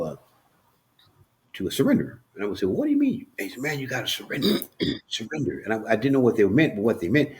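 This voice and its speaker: A man telling his personal story as a podcast guest, earnest and emotional, often restarting and repeating words. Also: low-pitched. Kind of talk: candid personal storytelling in an interview.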